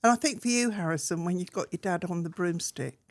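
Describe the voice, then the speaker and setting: An older woman, a grandmother, chatting casually on a podcast with a gentle, reassuring manner. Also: fairly low pitch, fast. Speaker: grandmother of the hosts.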